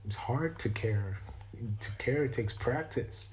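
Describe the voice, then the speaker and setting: In a meandering, reflective spiritual monologue, a man with an East Coast American accent he admits isn't perfect keeps breaking off to restart sentences. His medium-pitched voice is expressive, slow, and darkish in tone. The audio is poor, with slight background noise.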